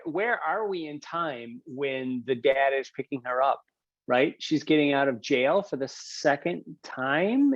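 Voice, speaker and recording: A man's voice: on the high side, no room sound, muffled recording. A man hosting a book club over a video call, talking in a rambling, self-deprecating way with lots of fillers. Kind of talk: casual video call discussion.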